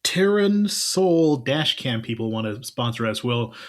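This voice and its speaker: A man's voice: mid-range voice, animated, unhurried. A man hosting a podcast, laid-back and joking, chatting with his co-hosts. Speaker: podcast host. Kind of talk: casual podcast chat.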